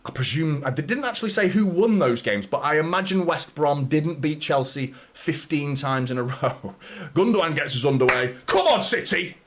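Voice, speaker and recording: A young man hosting a live football watchalong, chatting with viewers and reacting to the match with excitement and swearing. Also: a little high, moderate pace, a little hiss or hum.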